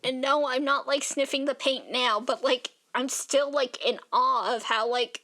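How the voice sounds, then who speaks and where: A woman's voice: high voice, fairly even intonation, a little slow, bright, forceful tone. Tired, rambling young woman vlogger. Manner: rambling, filler-heavy, says "like" constantly. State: tired, yawning. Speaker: art vlogger. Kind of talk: casual rambling vlog talk.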